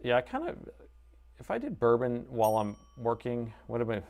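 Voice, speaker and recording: A man's voice: mid-range voice, big pitch swings, normal speed, dull audio. A man live-streaming laptop repair from his desk, chatting casually and reading viewer comments aloud, on a lapel mic. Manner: chatty, reads chat aloud, self-deprecating.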